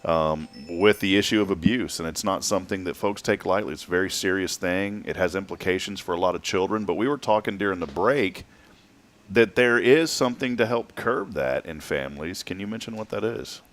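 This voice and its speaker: A low-voiced man speaks briskly as he hosts a morning show, bantering playfully and riffing on stories in a casual news roundup.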